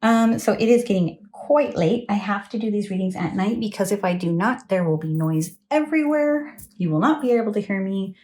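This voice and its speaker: A woman's voice: mid-range voice, a little fast, hardly any pauses, darkish tone. A woman in her thirties giving a chatty, rambling tarot reading to her phone camera at home late at night, often apologizing and laughing. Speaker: tarot reader.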